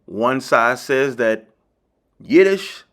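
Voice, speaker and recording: A man's voice: mid-range voice, animated, drawn-out words. A man hosting a lecture-style video lesson, emphatic and insistent, repeating key phrases and speaking straight to his viewers. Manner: addresses viewers directly as ladies and gentlemen. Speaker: teacher and channel host.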